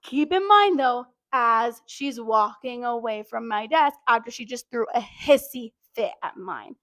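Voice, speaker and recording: A young woman telling a workplace story in casual, animated chat, full of fillers like "like". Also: fairly high pitch, unhurried, no echo. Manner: animated, chatty, lots of "like". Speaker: podcast co-host.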